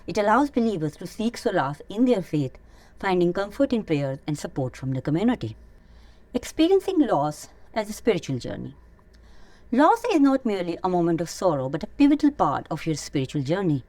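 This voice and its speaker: A woman hosting an Islamic teaching channel, reading a scripted lesson in an earnest, measured way. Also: fairly low pitch, sing-song, dark tone, dry recording. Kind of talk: scripted religious teaching narration.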